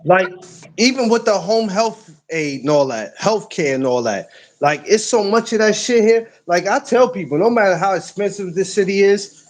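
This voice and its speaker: A man from New York co-hosting a podcast, laid-back and quick to laugh, talking in street slang. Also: high voice, lively intonation, a little hiss or hum. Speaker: podcast co-host. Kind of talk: casual chat.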